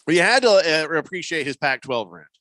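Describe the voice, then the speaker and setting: A man's voice: fairly high pitch, expressive, brisk, pushed and bright, no echo. A man hosting a sports radio show, chatting casually, joking and reading out listener texts. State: losing his voice. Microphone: studio microphone.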